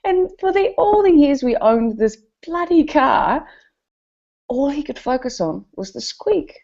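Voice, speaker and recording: Mellow-voiced New woman telling stories. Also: high-pitched, unhurried, creaky. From New Zealand. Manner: animated, expressive, chatty with fillers. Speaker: event speaker. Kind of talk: personal storytelling talk. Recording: dull lo-fi recording.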